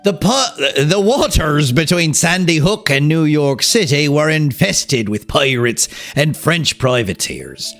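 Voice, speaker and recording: Speaking slowly and rarely pausing, this man has a voice on the high side, with soft music in the background. He's a livestream host with a Southern California accent who reads aloud, cracks jokes, swears, and bounces off his chat with lots of energy.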